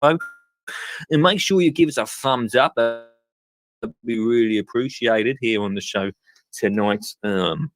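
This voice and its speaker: A man hosts a live gardening call-in show, rambling through casual chat and chuckling at his own expense. He speaks slowly in a mid-range voice, leaving long pauses.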